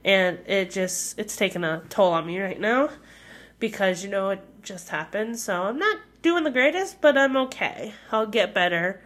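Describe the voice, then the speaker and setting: A woman's voice: medium pitch, lively intonation, moderate pace, fairly bright tone. A young woman hosting her own podcast in casual solo talk, hesitant and candid, with many fillers. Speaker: podcast host.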